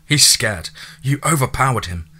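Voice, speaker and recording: A man voicing a caring young woman who talks softly and affectionately. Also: mid-range voice, expressive, normal speed, slightly rough, pitched above the performer's own voice, full character voice. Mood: tender. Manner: soft, affectionate.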